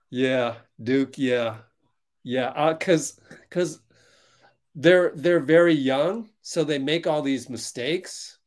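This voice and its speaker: A man hosting a fan livestream, reacting loudly to a basketball game as it plays and answering viewers in chat. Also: mid-range voice, drawn-out words, pauses often. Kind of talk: live basketball watch-along commentary.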